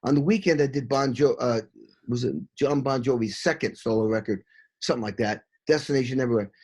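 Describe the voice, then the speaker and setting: A middle-aged session drummer tells animated stories in an interview, his mid-range voice husky and quick. He swears freely and scats drum beats along the way.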